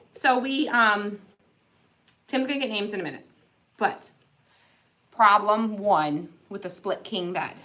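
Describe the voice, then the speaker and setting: A woman's voice: medium pitch, sharp tone. A middle-aged woman chatting animatedly while crafting, telling stories to her viewers. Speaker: craft channel host. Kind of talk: casual chat while crafting.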